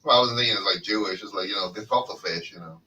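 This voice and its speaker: A man co-hosting a podcast in a loose joking chat, telling animated stories and slipping into silly voices. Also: low-pitched, quick pace, recorded from a distance, low-quality recording. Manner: animated storyteller who slips into silly voices. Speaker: podcast co-host.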